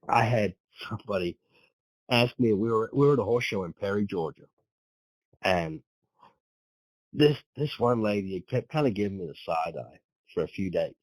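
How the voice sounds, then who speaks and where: A man's voice: lowish voice, lively intonation, moderate pace, pauses often, no echo, rough recording. A man from Britain, a horse trainer, telling rambling stories as a podcast guest, repeating words and swearing now and then. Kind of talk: casual storytelling.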